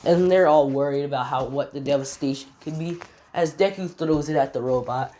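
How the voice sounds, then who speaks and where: Rambling low-voiced woman telling a story. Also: brisk, darkish tone, a little hiss or hum. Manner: rambling, self-correcting, filler-heavy. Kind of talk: casual fan-fiction retelling.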